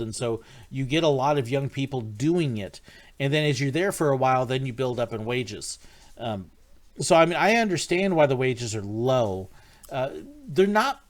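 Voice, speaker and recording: A man hosting a casual livestream, answering viewer questions in a rambling, friendly way with frequent ums. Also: medium pitch. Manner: friendly, greets viewers by name. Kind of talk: casual live-stream chat.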